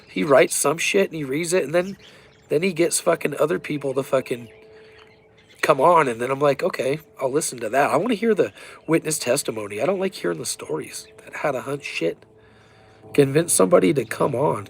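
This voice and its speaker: A man talks to his camera in a loose, rambling monologue, cursing freely and growing excitable as he spins conspiracy talk. His voice has a gravelly edge and a husky grain. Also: a little high. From Colorado, USA. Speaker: vlogger.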